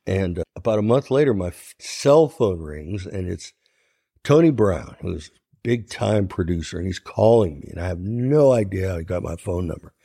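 An older man from Ohio, a songwriter guest, telling an animated anecdote in an interview and acting out the voices in it. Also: deep voice, normal speed, creaky, no echo, studio quality. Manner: animated anecdote telling, acts out quoted voices, laughs often. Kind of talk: storytelling interview.

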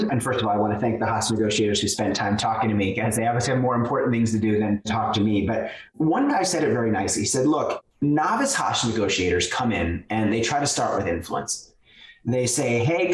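A man being interviewed, explaining ideas and telling stories in a lively, conversational way. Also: mid-range voice, brisk. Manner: animated, lively storyteller who acts out quotes. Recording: roomy sound, somewhat far from the mic.

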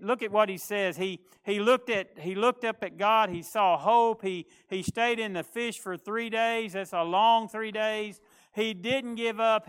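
A man's voice: high voice, a bit bright, clear, resonant tone. A pastor giving a folksy, conversational sermon, often restarting his words.

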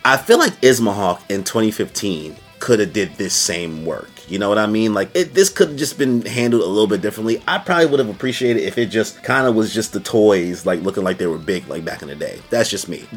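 Low-voiced dude doing a slangy video review, pitch all over the place. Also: male voice, fairly quick, few pauses, faint music behind. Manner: animated, slangy, jumps into high-pitched quoted voices. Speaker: YouTube reviewer.

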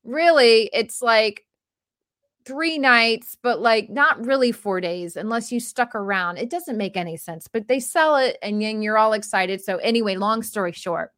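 A woman's voice: a little high, a little slow, fairly bright tone, no echo, studio quality. A woman in her forties hosting a casual personal monologue, rambling and self-deprecating. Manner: rambling and self-deprecating, with many restarts and fillers.

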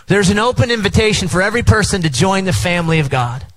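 A man's voice: high-pitched, lively intonation, quick pace, a bit bright, low-quality recording. A middle-aged man preaching a sermon as pastor, engaging the crowd with call-and-response at an outdoor tent service.

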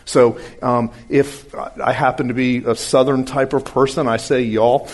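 Husky-voiced man teaching a folksy sermon. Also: medium pitch. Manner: folksy, animated, uses homespun comparisons; swings from brisk asides to slow, quiet emphasis. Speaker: Bible teacher.

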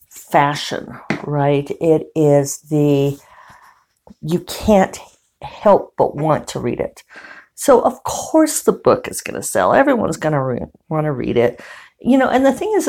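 A woman novelist with a low voice talks casually to her viewers. Her delivery is wry and rambling, filled with "you know" asides. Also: darkish tone. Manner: chatty, wry, many fillers. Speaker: novelist and vlogger. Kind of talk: casual chat to camera.

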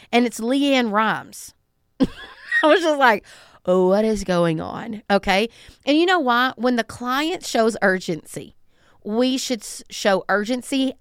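Brief talkative woman, smooth voice. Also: a little high, no room sound, clean studio sound. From Southern United States. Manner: conversational, emphatic, acts out callers. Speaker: podcast host. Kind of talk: solo podcast talk.

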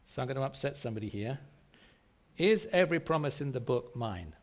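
A man's voice: mid-range voice, lively intonation, fairly quick. A man preaching a sermon to a congregation, emphatic and repetitive, often asking rhetorical questions. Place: church service.

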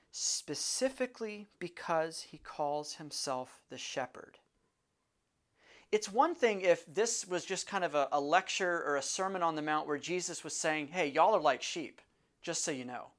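A preacher delivers a sermon in an earnest, conversational manner. The voice sits at an ordinary middle pitch, and key phrases come back again and again for emphasis. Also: animated, a little slow, fairly bright tone. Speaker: pastor.

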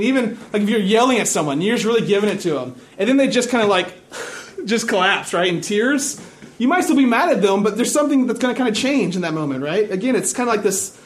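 A young man with a high-pitched voice delivers a sermon in a relaxed, chatty way. He keeps checking in with the room and drops dry, self-mocking jokes as he goes. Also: a little hiss or hum. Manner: casual, chatty, checks in with "right?" and "okay?". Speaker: preacher. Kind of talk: conversational sermon.

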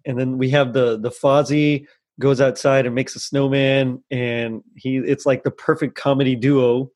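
A man's voice: mid-range voice, level tone, a little slow, a little mellow. Chatty, laughing man on a podcast. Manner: rambling, laughs often, lots of fillers. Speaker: podcast co-host. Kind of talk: casual chat about a holiday special. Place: lives in the U.S. South.

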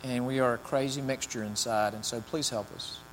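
A man's voice: mid-range voice, fairly even intonation, brisk. A man preaching a sermon, reading scripture with rising emphasis, then praying and talking loosely with fillers. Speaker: pastor. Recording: long hall reverb, faint mains hum.

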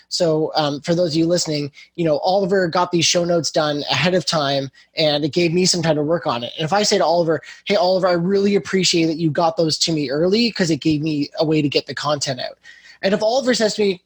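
Husky-voiced Canadian man chatting. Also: on the high side, dry recording. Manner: chatty, self-deprecating, restarts often. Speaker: podcast co-host. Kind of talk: casual podcast chat.

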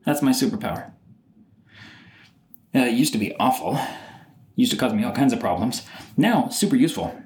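A man talks through his own podcast in a loose, animated way, jumping into other people's voices as he tells stories. His pitch swings widely from phrase to phrase. The recording carries a noticeable roomy echo. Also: moderate pace, pauses often, slight background noise. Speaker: podcast host. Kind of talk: solo podcast monologue.

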